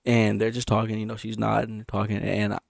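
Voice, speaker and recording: A man casually telling a story about a dream, animated and repetitive, punctuating it with sound effects. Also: brisk, creaky, no echo, studio quality. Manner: animated, repeats himself, sound effects like boom. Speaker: vlogger.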